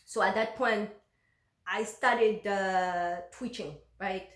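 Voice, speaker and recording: A woman's voice: mid-range voice, steady tone, slow pace, reverberant. A woman vlogger candidly recounting her own life story, frank and emotional, swearing openly.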